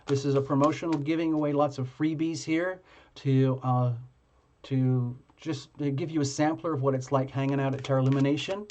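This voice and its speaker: A man hosting a live tarot reading stream, chatting casually with viewers in a halting way, full of fillers and restarts. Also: mid-range voice, steady tone, darkish tone, muffled recording.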